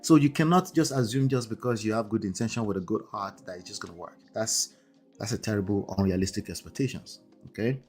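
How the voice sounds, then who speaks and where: A man's voice: lowish voice, a little fast, darkish tone, husky, faint music behind. A man with an accent, hosting a live marriage-coaching stream in a conversational way, often checking in with "right?" and "okay?". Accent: non-native English accent. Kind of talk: livestream talk.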